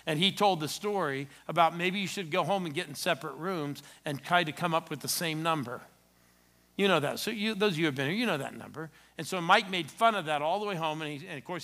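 A middle-aged man preaching a sermon in church, telling stories with sudden swings between loud exclamations and soft asides. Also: fairly high pitch, creaky. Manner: animated storytelling with sudden loud and soft turns. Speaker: pastor.

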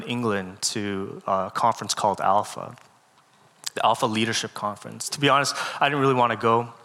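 A man giving a guest sermon, telling a personal story in an earnest, halting way with many fillers, close to tears. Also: medium pitch. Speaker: guest speaker. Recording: long hall reverb with loud music.

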